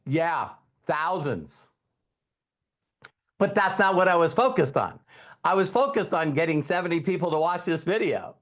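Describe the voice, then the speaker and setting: A man in his fifties giving an energetic motivational training talk as a network marketing trainer, repeating key lines and quizzing his audience. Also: fairly high pitch, unhurried.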